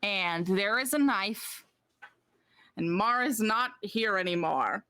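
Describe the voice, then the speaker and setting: A woman narrating a tabletop game as game master, unhurried and full of "like" and "um" fillers. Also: medium pitch, expressive, sharp tone.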